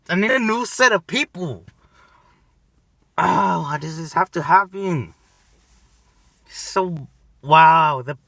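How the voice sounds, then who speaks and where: A man's voice: high-pitched, creaky, pushed and bright, no room sound. Impatient man grumbling in a parked car. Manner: impatient, grumbling, calls out to passersby. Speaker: prankster vlogger. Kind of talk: muttering to himself while waiting to prank.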